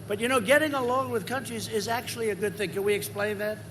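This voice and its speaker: A man in his seventies giving a rambling, repetitive campaign rally speech, swinging into loud emphasis. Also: high voice, steady tone, fast talker, noisy background. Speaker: politician at a rally.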